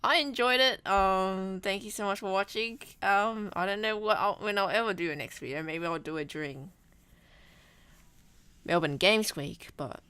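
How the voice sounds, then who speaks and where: A woman's voice: medium pitch, moderate pace, pushed and bright, clear, resonant tone, dry recording. A young woman rambling casually in a video blog, full of restarts and self-deprecating asides. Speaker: vlogger. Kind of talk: rambling travel vlog chat.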